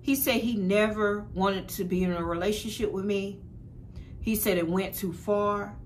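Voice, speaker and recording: A woman's voice: mid-range voice, fairly even intonation, moderate pace, a little hiss or hum. A young woman telling a personal story to her viewers in a blunt, profane, casual way, often calling them y'all. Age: young adult. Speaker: spiritual vlogger.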